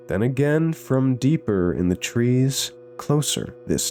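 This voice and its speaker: A man narrating a scripted horror story with a measured, suspenseful delivery. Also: medium pitch, lively intonation, darkish tone, soft background music.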